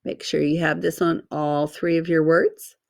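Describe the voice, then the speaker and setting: Lady teacher going through phonics real slow, spelling out letters, bit low voice. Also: level tone, vocal fry. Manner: slow, careful, sounding out letters and syllables. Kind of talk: phonics lesson for children.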